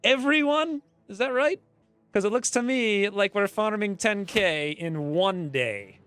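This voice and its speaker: A man streaming a strategy game, talking excitedly over the play and crying out when his fighters get hit. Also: high voice, unhurried, clear, resonant tone, no room sound. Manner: animated, yelps and cries out at hits. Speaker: gameplay streamer. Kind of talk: excited gameplay commentary.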